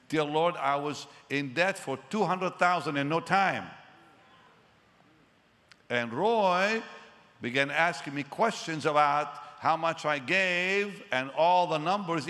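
A man in his seventies preaching a sermon, telling his story with animated delivery and acting out conversations. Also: fairly high pitch. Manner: animated storytelling, acts out dialogue. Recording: long reverb of a large hall.

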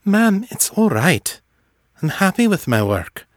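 Soft-spoken young woman wizard, reassuring, as a male reader puts her on. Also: high-pitched, very animated, takes it slowly, no echo, clean studio sound, voice pushed up, exaggerated voice. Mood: tender. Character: gentle adult female wizard daughter.

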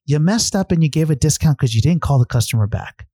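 A man co-hosting a podcast, telling stories in an emphatic, animated way. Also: on the high side, quick pace, slightly rough, no room sound, clean studio sound. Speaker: podcast co-host, former service director. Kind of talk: casual podcast chat.

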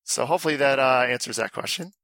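Bright joking male podcast host. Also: medium pitch, fast talker, vocal fry, no echo. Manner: loose, joking, swears freely. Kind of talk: casual chat.

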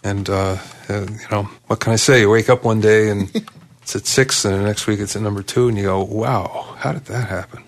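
A man co-hosting a podcast, chatting in a relaxed, matter-of-fact way about his studio work. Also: fairly low pitch, normal speed. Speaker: music producer, podcast co-host. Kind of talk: casual chat.

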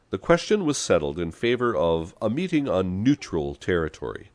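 A man reading a story aloud as an audiobook narrator, expressive storytelling. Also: low voice, normal speed, hardly any pauses, no echo. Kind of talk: scripted narration.

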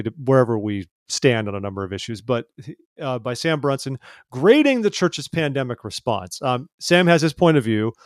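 A man in a casual podcast discussion speaks in a middle-pitched voice, recorded dry and close with no room sound. He teases his co-host and moves briskly into new topics. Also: dry recording. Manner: joking, teasing, then briskly introduces topics.

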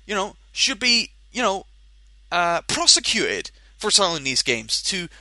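With big pitch swings in a high, bright, forceful voice, a Scottish podcast co-host who works in a game shop speaks at a measured pace on a dry recording. His casual rant is exasperated and full of swearing, and he keeps stumbling, restarting and breaking off mid-thought.

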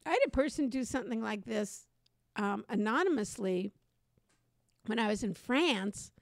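A woman with a fairly high voice tells a personal story on a podcast, animated and chatty. She slips into the voices of the people in her story as she goes. The sound is close and dry, with no room around it. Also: normal speed, no room sound. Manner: animated, acts out quoted voices. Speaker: podcast co-host. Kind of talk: conversational storytelling.

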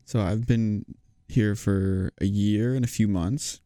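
A man's voice: on the low side, fairly even intonation, slow pace, dark tone, no echo, clean studio sound. A male medical student explaining house rules in a friendly, plain way. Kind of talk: casual explanation.

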